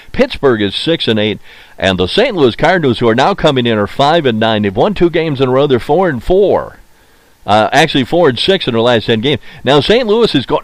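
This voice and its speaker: A man hosts his own sports podcast, his pitch leaping up and down as he talks. He is opinionated and chatty, repeats his points, and pads his pauses with "uh." His voice is close and dry, with no room sound at all. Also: dry recording. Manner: opinionated, mocks teams in put-on quoted voices; frequent filler "uh" and repeated phrases. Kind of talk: casual solo sports talk.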